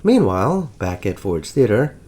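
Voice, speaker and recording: A man narrating a dramatic history story as the host of his channel, with big swings in pitch and loudness. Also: sing-song, moderate pace.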